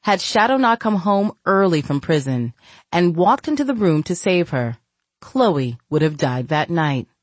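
A woman's voice: fairly low pitch, measured pace, no room sound. A woman narrating a gritty novel as an audiobook, reading expressively. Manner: expressive, voices each character. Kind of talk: scripted narration.

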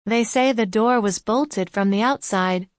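A woman's voice: medium pitch, unhurried, no echo, studio quality, close to an everyday voice. A woman voicing a determined young woman who keeps pressing with insistent questions.

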